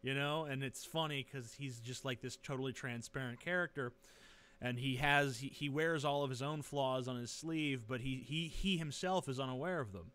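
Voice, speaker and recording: Sarcastic male vlogger, webcam rant, smooth and bright voice, swearing and rambling. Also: medium pitch, normal speed. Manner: sarcastic, profane, rambling with many fillers. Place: living room.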